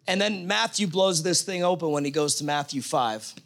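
A man's voice: a little high, lively intonation, normal speed, creaky, a bit bright. A man preaching a sermon, reading scripture aloud in a conversational, emphatic way.

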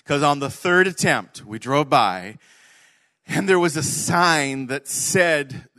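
A man preaching a sermon, telling an animated story, swinging from loud to hushed. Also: fairly high pitch, takes it slowly. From Canada. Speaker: pastor.

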